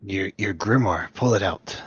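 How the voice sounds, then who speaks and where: A man's voice: low voice, a little slow, slightly rough, dry recording, dull audio. A man voicing a sly, pushy imp messenger for his devilish master, speaking brusquely and making demands.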